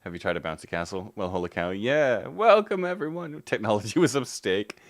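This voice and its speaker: A man's voice: on the low side, sing-song, brisk, no room sound, studio quality. A man streaming live, greeting his chat by name and muttering to himself while he fixes his tech.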